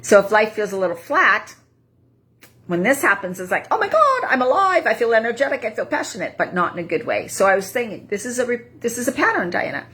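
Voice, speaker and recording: A woman's voice: medium pitch, expressive, quick pace, bright, forceful tone. A woman in her fifties speaking as a life coach, sharing a personal reflection in a candid, conversational way. She repeats phrases and acts out her own inner voice. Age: 50s. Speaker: life coach for women over 50.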